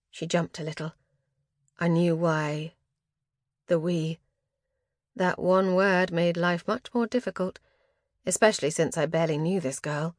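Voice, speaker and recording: A woman narrates a first-person fantasy novel with dramatic, expressive storytelling. Her voice sits low, and the recording is dry and close, with no room sound. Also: moderate pace, dry recording. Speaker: audiobook narrator.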